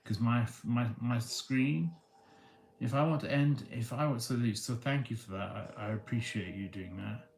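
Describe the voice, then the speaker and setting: A man livestreaming from his phone on a tripod at home, talking in a halting, rambling way with many restarts. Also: mid-range voice, creaky, a little hiss or hum. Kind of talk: rambling casual monologue. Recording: echoey room.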